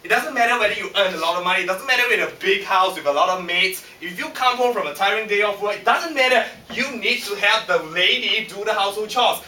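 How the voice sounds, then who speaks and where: Singaporean guy doing a funny contest speech, high bright voice, echoey room from far off. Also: fast, hardly any pauses, slight background noise. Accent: Singaporean English. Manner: lively, punchy, audience-teasing. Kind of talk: humorous prepared speech.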